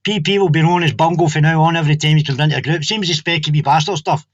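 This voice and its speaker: A man's voice: a little high, racing, no room sound. A man on a livestream call, blunt and swearing freely. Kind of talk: casual livestream chat. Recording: dull lo-fi call audio.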